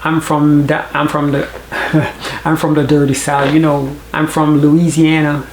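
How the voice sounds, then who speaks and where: A man's voice: on the high side, little pitch movement, a little slow, slight background noise. A man putting on a playful Southern US drawl, stumbling over his words, in an echoey room.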